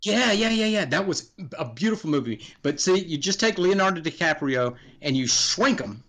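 A middle-aged man, appearing as a game designer guest on a podcast, chats casually and rambles through stories, chuckling and restarting sentences. His voice is fairly high and a bit bright, with lively intonation and a moderate pace.

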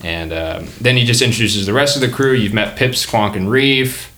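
A man's voice: on the low side, moderate pace, bright, forceful tone, a little hiss or hum. A man narrating as game master in a tabletop game, casual and rambling.

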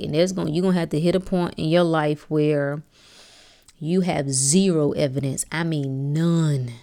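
Woman, podcast host, preachy and blunt, swears freely, swings from low and hushed to loud and fervent. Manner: preachy, blunt, profane, rising to fervent emphasis. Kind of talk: motivational monologue.

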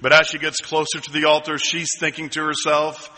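Bright-voiced preacher in a reverberant hall. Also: male voice, a little high, monotone. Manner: storytelling preacher, slowing down for emphasis and building to ringing repeated lines. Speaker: pastor. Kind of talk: sermon. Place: church sanctuary.

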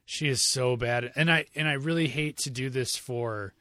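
A man's voice: medium pitch, normal speed, no room sound. Male host, casual movie talk, opinionated, dry close mic. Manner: opinionated, animated, repeats words. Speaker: podcast host. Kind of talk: casual movie review chat.

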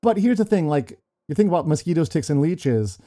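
A man's voice: fairly high pitch, very animated, a little fast, warm tone. A middle-aged man hosting a podcast, telling stories in a casual, chatty way with frequent restarts and laughs. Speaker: podcast host. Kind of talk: casual chat.

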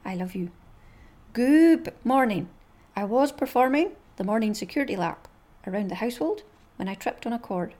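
An earnest pet dog, as a Scottish woman reads it. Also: on the high side. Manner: deadpan, slow, with long pauses. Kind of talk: reading funny dog posts aloud.

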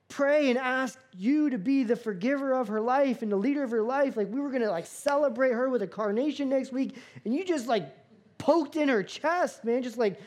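A man preaching a sermon as a pastor, animated, acting out dialogue with playful asides. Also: high voice.

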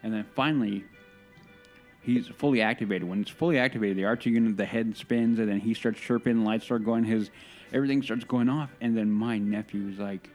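A man's voice: on the low side, fairly even intonation, a little fast, darkish tone, soft background music. A man co-hosting a podcast, telling a long, enthusiastic, rambling story in casual chat. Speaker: podcast co-host.

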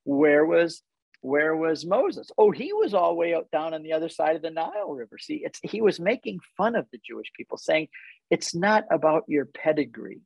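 Animated older man with a gravelly voice. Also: fairly high pitch, a little fast, no room sound, poor audio. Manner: animated storyteller, rhetorical questions. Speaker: guest. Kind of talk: casual Bible teaching in conversation.

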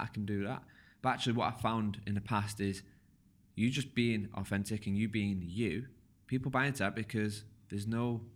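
A man hosts a podcast in an easygoing, conversational way. His voice sits a bit low, and his words slur together when he talks fast. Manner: relaxed, slurs words when talking fast. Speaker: podcast host.

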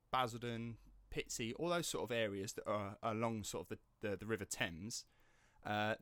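Podcast host, English man, Estuary accent, lively storyteller who swears casually, lowish voice. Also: dry recording. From England. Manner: animated storyteller, swears freely. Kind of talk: casual chat.

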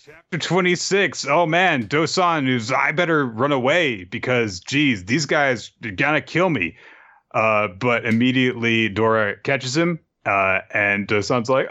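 A man hosting a casual comedic recap, animated and joking with lots of fillers. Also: medium pitch, unhurried. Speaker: podcast host. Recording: dull lo-fi recording.

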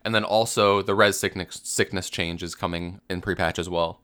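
A man's voice: sits low, steady tone, moderate pace, fairly bright tone. A man co-hosting a casual gaming podcast, musing aloud and filling his speech with "like". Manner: filler-heavy, musing. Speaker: podcast co-host.

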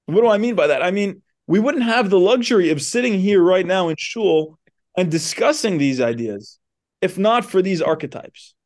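A man's voice: high-pitched, lively intonation, normal speed, a little mellow. A man teaching a class in a synagogue, retelling a story loosely with many asides. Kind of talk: storytelling lecture.

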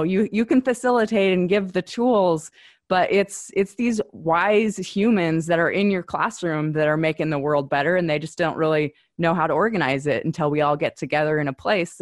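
A woman guest who works in adult education, speaking with reflective enthusiasm in a casual interview. Her voice is somewhat low. The sound is dry, with no room echo. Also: moderate pace.

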